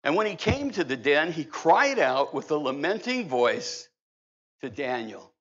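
Unhurried and sing-song, a middle-aged male pastor with a fairly high, fairly bright voice preaches a conversational, funny sermon. It comes from a church sanctuary on a slightly dull, lo-fi recording.

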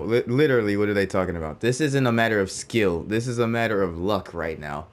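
A man's voice: fairly low pitch, moderate pace, few pauses. A young man giving casual, profane gameplay commentary as a streamer, swearing and trash-talking as he plays. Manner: profane, exasperated trash talk. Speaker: gaming streamer. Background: game music.

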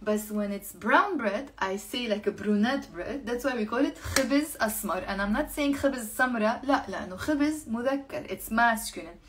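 A woman with a Lebanese accent teaching a live online Arabic class, mixing English and Arabic and slowing down to model words. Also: a little high, lively intonation, slight background noise. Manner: switches between English and Arabic, slows down to model pronunciation. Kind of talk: live online language lesson.

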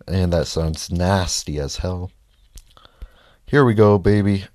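Slow, low-voiced man reacting to a game. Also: no room sound. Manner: reacts loudly to the game, frustrated outbursts and muttered asides. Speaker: let's play gamer. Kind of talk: casual gameplay commentary.

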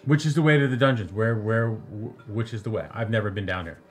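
A man's voice: on the low side, a little fast. A man playing a tabletop game, talking in character as a battle-loving warrior and asking questions out of character. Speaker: player.

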